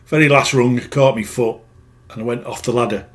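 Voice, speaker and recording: A middle-aged man at an ordinary, mid-range pitch speaks in a loose, rambling monologue. He talks plainly as a spiritual healer, often doubling back to correct himself as the story unfolds. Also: fairly even intonation, brisk.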